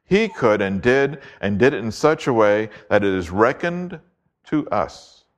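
A man preaching an expository sermon, reading scripture aloud and slowing down to stress key words. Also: on the low side, sing-song, highs cut off. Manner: emphatic, deliberate, slows to stress key words.

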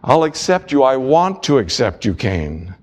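A man voicing God pleading gently with an angry man, in a slow, pleading tone. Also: medium pitch, very animated.

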